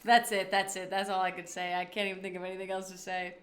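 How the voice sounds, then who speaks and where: A woman's voice: mid-range voice, level tone, fast, a bit bright, roomy sound. A woman streamer chatting casually on a livestream, rambling through off-the-cuff reactions.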